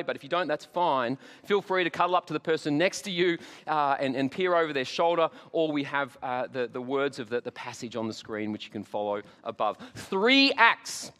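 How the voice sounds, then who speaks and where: A high-pitched Australian man preaching with animated, joking storytelling. His voice rings out with a long reverb from a church hall. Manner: animated storyteller, jokey asides. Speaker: pastor. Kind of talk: Easter sermon.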